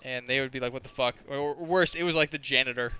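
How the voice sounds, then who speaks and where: A man's voice: mid-range voice, fast talker, sharp tone, smooth. A man in his twenties telling crude, rambling stories as casual gameplay commentary, full of filler words. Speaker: gaming commentator.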